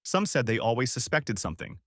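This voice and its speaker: Male storyteller, dramatic first-person narration, animated pitch, dry close sound. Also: brisk, no room sound.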